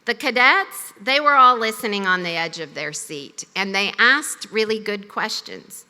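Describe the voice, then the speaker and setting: A woman giving a formal commencement speech at a podium in a ceremony hall, with a measured, deliberate delivery. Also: mid-range voice, animated, sharp tone. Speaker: commencement speaker. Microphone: podium microphone. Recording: long reverb of a large hall.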